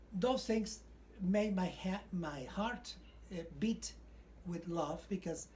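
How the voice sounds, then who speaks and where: Older cuban guy with a spanish accent, telling old showbiz stories, really animated. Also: high-pitched, a little hiss or hum. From Cuba. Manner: animated, acts out quotes and sings snatches. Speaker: retired stage singer. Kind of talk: reminiscing storytelling.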